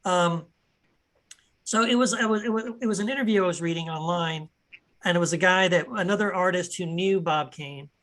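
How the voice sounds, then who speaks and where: A man co-hosting a podcast who tells stories in a lively, animated way and repeats himself as he restarts his sentences. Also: sits high, brisk. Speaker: podcast co-host. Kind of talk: casual conversation, telling anecdotes.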